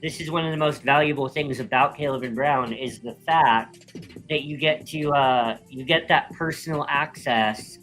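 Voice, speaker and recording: A man's voice: mid-range voice, normal speed, fairly bright tone, faint music behind, poor audio. A man co-hosting a live crypto show, reading a sponsor roll-up in an easygoing way with many filler ums. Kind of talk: casual chat and ad read.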